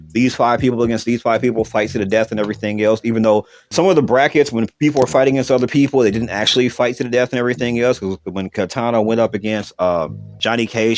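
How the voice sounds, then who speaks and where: Profane ranting man, low voice. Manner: blunt, profane, rambling with fillers and repeats. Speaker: podcast host. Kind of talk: casual movie review rant.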